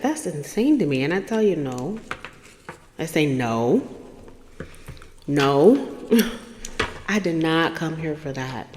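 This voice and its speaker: A woman hosting a storytelling podcast who acts out the voices in her story and swings from loud outbursts to hushed asides. She speaks slowly, with plenty of pauses. Her voice carries a long reverb tail over a faint background hiss. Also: sits low, sing-song. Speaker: podcast host.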